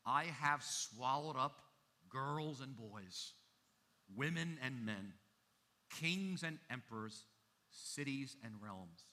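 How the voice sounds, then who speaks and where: A man voicing a solemn male lion in a read-aloud story, speaking slowly, quietly and low. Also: animated. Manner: slow, low, quiet and measured. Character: solemn grave male lion, calm and unhurried.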